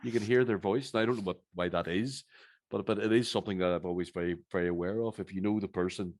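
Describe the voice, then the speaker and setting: A man with a Northern Irish accent interviewing an author at a live event, chatty and halting, with many restarts. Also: deep voice, fairly even intonation, a little mellow. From Northern Ireland. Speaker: host, interviewer.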